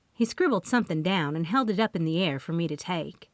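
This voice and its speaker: A woman reading first-person audiobook narration in a lively, expressive voice on a close microphone. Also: fairly low pitch, brisk, no room sound.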